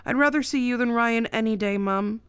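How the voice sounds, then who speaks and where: A woman's voice: on the high side, normal speed, a bit bright, clear, resonant tone, no room sound, lightly acted. A woman voicing a playful, joking young adult daughter in a read-aloud novel. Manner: teasing and bubbly.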